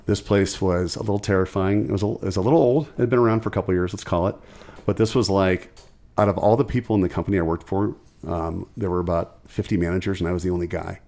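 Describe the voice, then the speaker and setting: A man and musician, a podcast guest telling stories in a casual chat, acting out the people he quotes. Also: low voice. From Ohio, USA. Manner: animated storyteller, quick and chatty, acts out quotes.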